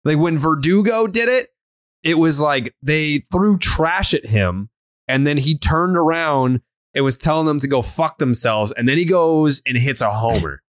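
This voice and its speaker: A man's voice: on the high side, lively intonation, a little slow, no room sound, clean studio sound. Blunt, foul-mouthed male podcast host. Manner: blunt, heavy swearing, many fillers and restarts. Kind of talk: casual sports podcast chat.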